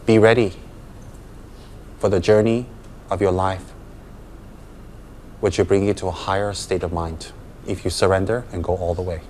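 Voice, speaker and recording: A man's voice: deep voice, fairly even intonation, normal speed, pauses often, a little mellow, a little hiss or hum. Emphatic man giving a dharma talk. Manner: emphatic, with rhetorical questions and light laughter. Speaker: Buddhist teacher.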